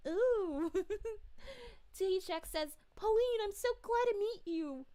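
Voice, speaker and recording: A woman's voice: very high voice, animated, extremely slow, warm tone, heavily acted. A woman voicing a cheerful, gushing female city mayor in an in-character livestream, bubbly, giggly and sweetly polite. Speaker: VTuber streamer.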